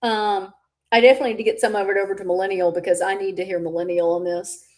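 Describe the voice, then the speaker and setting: Woman, livestream host, casual chat, candid, mid pitch, slightly stuffy. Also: little pitch movement, fast, darkish tone. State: stuffy from allergies.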